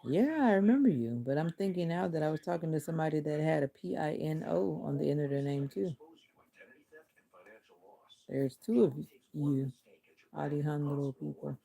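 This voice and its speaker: A woman with a low, gravelly voice chats casually with viewers on a livestream. Her tone is mellow and deliberately monotone. She talks while doing arm exercises on her couch. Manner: deliberately flat, monotone delivery. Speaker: livestream host.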